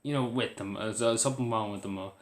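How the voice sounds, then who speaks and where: A man's voice: on the low side, quick pace, roomy sound. A man with an Irish accent talking earnestly to camera in a rambling, casual way, full of fillers and restarts. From Ireland. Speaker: vlogger.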